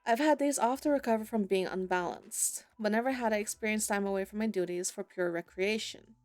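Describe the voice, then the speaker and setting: A woman's voice: medium pitch, a little fast, darkish tone, dry recording, faint music behind, natural voice. A woman voicing an aloof male Grim Reaper who speaks in stiff, formal sentences. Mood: matter-of-fact.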